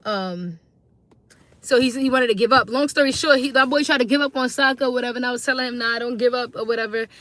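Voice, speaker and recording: A woman's voice: fairly high pitch, quick pace, fairly bright tone, no room sound. A tired woman talking casually to viewers on a phone live stream, chatty and slangy, greeting them again and again. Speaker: livestreaming mom.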